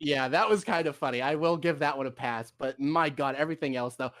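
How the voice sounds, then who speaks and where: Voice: mid-range voice, brisk, a bit bright. A co-host chatting casually about movies, laughing and mimicking characters.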